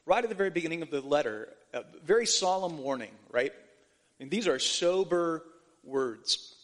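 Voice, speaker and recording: A man's voice: on the high side, lively intonation, moderate pace. Man preaching in a reverberant hall. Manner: earnest, restarting phrases, quoting scripture. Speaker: pastor. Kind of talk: sermon.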